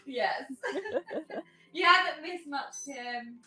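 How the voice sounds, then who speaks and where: A woman's voice: sits high, slow, sharp tone. A woman hosting a tabletop game stream, chatting in a bubbly, giggly, rambling way. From United Kingdom. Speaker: host and game master. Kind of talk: casual stream chat. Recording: echoey room with faint music.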